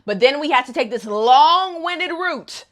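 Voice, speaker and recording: A woman doing a furious young man yelling at his father. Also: mid-range voice, moderate pace, natural voice. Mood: indignant. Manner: outraged, yelling.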